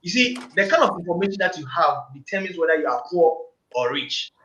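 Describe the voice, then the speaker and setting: A man's voice: on the high side, lively intonation, brisk, fairly bright tone, slight background noise. A man, a panel guest in a casual group discussion, talking emphatically and preachily and repeating phrases for emphasis. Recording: echoey room, dull lo-fi sound.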